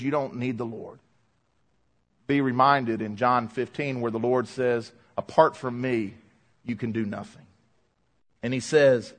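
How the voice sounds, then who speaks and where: A man preaching a sermon in a church, emphatic, swinging from quiet asides to loud, fired-up lines. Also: a little high. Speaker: pastor.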